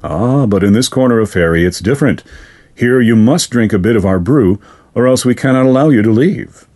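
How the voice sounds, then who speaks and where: A man voicing a courteous, sinister male fairy lord in a storybook reading, formal and measured. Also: medium pitch, lively intonation, a little mellow, close to an everyday voice. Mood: courteous menace. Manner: formal, measured, silkily polite.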